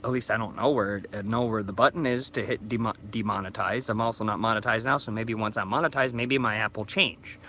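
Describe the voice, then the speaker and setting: Man, 30, slightly drunk YouTuber ranting on his phone, bright and tense voice, lots of restarts. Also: on the low side, fairly even intonation, brisk, few pauses, a little hiss or hum. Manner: rambling, stumbling restarts, swearing. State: a little drunk. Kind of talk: casual ranting vlog.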